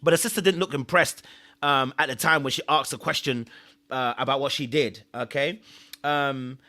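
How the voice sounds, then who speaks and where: A bright-voiced man hosts a live-stream recap of a reality series, chatty and earnest as he gives advice, repeats himself, and thanks viewers often. His mid-range voice holds a steady tone at normal speed.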